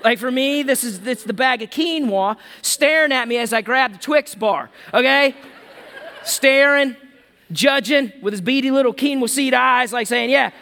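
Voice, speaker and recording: Joking, high-voiced pastor in a reverberant hall. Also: male voice, moderate pace, sharp tone. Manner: humorous, conversational preaching with playful asides. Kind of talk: sermon.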